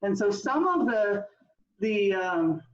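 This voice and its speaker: A woman's voice: mid-range voice, big pitch swings, takes it slowly. A woman leading a laughter yoga session over a video call, giving cheerful, coaxing instructions. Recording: roomy, distant, dull lo-fi sound.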